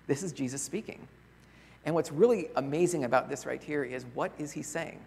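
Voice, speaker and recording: A pastor preaching in a church, his somewhat high voice husky and lightly worn. He talks in an earnest, conversational way, tossing out rhetorical questions. The sound carries a long reverb from the large room. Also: a little fast. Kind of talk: sermon.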